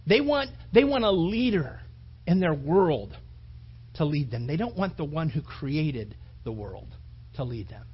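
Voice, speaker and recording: A man's voice: a little high, sing-song, measured pace, slightly rough, lo-fi sound. A man pastor preaching a sermon in a casual, emphatic way, with frequent repetitions and asides to the congregation.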